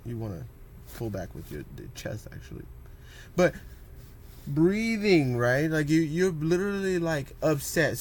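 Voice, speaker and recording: A man rambles through a loose talk on meditation and posture, tossing in "you know what I'm saying" again and again. He slips into quick voices for what people say, and his voice sits a bit high for a man. A faint hum of the room stays behind him. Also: a little mellow. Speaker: vlogger.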